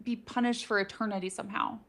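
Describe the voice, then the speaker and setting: A woman in casual live conversation about a book series. She speculates out loud in a chatty, filler-heavy way, with a medium-pitched voice. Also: steady tone, fast talker, gravelly. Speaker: book discussion co-host.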